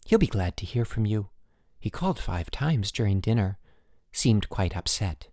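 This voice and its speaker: A man voices a polite female school secretary in an audiobook. She speaks softly and deferentially. The recording is dry. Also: lowish voice, very animated, normal speed, no room sound. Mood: prim.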